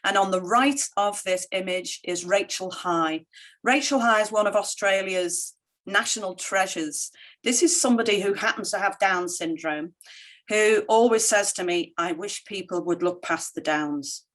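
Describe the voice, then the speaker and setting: A middle-aged woman giving a conference keynote with slides, telling stories in an animated way and quoting others in lively voices. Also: mid-range voice, normal speed. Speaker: keynote speaker.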